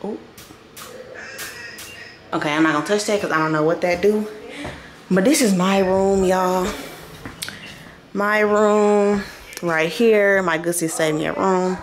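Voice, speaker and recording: A woman's voice: on the low side, fairly even intonation, a little slow, long pauses, slight background noise. A woman vlogger giving a casual house tour, chatting to her viewers and a little out of breath. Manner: chatty, addresses viewers as y'all. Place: large rental house, indoors.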